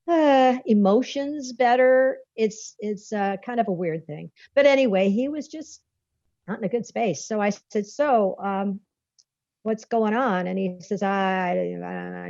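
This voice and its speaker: As a guest author, a woman tells a rambling, folksy story conversationally, laughing often between sentences. Her medium-pitched voice is a little mellow, and the dull lo-fi recording is dry with no room sound.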